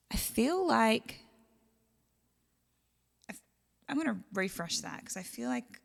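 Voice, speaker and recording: An Australian woman casually chatting to her livestream viewers as the singer hosting the show, warmly thanking tippers by name. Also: medium pitch, gravelly. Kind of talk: casual chat to online viewers. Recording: long reverb with instrument music.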